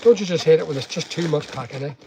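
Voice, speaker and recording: A man's voice: on the high side, fast talker, noisy background. A middle-aged Northern Irish man rambling chattily on a livestream while packing online orders and talking to viewers. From Northern Ireland.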